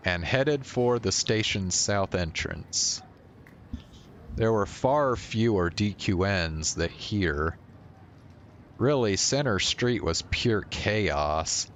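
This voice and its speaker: A man's voice: sits low, slight background noise. A male streamer reading a visual novel aloud and breaking off now and then for offhand remarks and chuckles.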